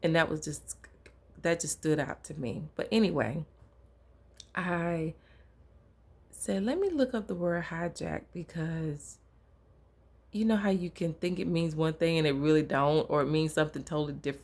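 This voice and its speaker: Gravelly, husky woman telling a story. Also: low voice, unhurried, long pauses. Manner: conversational storytelling, casual and lively. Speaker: preacher. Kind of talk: informal sermon.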